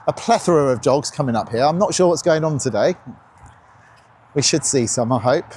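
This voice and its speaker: Dog trainer, male, coaching outdoors, animated voice with light background hiss. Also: fairly high pitch. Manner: encouraging, instructive, lively sing-song praise. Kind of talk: live coaching on a walk. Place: outdoors on a path.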